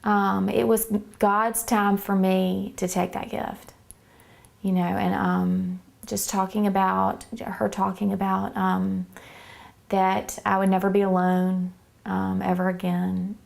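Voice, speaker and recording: A woman earnestly telling her faith testimony, halting often with fillers as she talks. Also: medium pitch, creaky, darkish tone. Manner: earnest, hesitant, many fillers. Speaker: church member giving testimony.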